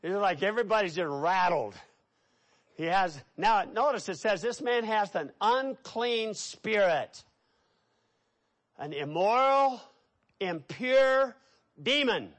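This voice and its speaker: A middle-aged man preaching a sermon, telling stories with lively, animated delivery. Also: high-pitched, slow, long pauses. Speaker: pastor.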